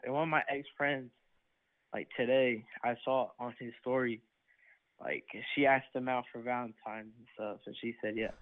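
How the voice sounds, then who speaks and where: A teenage boy calls in to tell his problem, stopping and restarting his sentences as he goes. His voice sits at an ordinary pitch and comes through a thin, phone-like line. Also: fairly even intonation. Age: teen. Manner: hesitant, halting storytelling. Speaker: caller.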